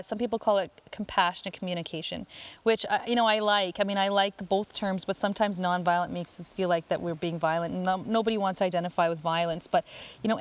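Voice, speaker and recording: Chatty woman giving parenting advice. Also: medium pitch. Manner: chatty, lots of fillers and restarts. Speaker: parenting coach. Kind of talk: casual advice talk answering listener questions.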